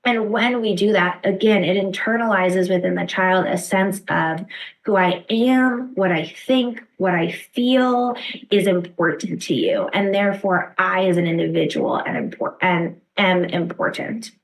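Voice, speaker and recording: A woman teaching a lecture on children's emotional needs, explaining calmly and often checking in with "right?", sometimes acting out short example phrases. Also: medium pitch, unhurried, poor audio. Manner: explains warmly with frequent "right?" check-ins; acts out short example phrases a parent might say. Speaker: therapist lecturer. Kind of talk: instructional lecture.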